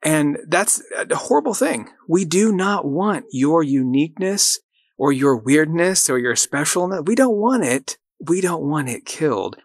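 An upbeat man hosts a motivational podcast at a mid-range pitch, encouraging listeners and leading them through repeated affirmations. His voice is close and dry, recorded on a studio microphone. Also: no room sound. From rural farm upbringing. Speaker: podcast host and coach.

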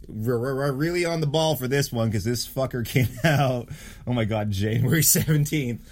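A man's voice: mid-range voice, normal speed. A man hosting a podcast in casual chat, swearing freely and laughing through rambling banter. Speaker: podcast host.

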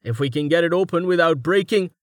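A man voicing an excitable, absent-minded young scholar who speaks in high, eager bursts. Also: quick pace, dry recording, clean studio sound, natural voice. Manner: high, eager, distracted exclamations.

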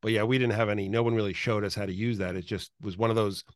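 A man's voice: on the low side, fairly even intonation, quick pace, no room sound, clean studio sound. A man hosting a casual interview, chatting in a loose, reflective way. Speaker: podcast host, former page.

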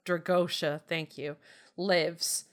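A woman's voice: on the low side, steady tone, slow pace, a bit bright. A woman co-hosting a casual film review chat, sarcastic and laughing often, acting out characters' lines. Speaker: podcast co-host.

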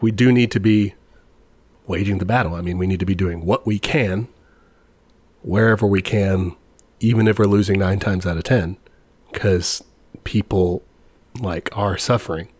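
A man's voice: deep voice, a little mellow, no echo. A man co-hosting a podcast, talking earnestly and rambling with many restarts. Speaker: podcast co-host. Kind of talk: casual political chat.

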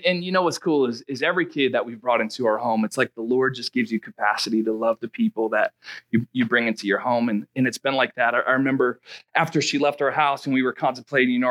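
A young man preaching a sermon, telling a personal story and calling out to his congregation. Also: medium pitch. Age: young adult. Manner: animated, exclaiming, calls out to congregation. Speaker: pastor.

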